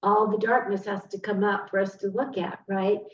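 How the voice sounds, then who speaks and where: At a moderate pace and with a level tone, a medium-pitched woman gives an earnest, emotional tarot reading addressed directly to the viewer. Because she was recorded at a distance in a large room, the sound is dull and faintly noisy.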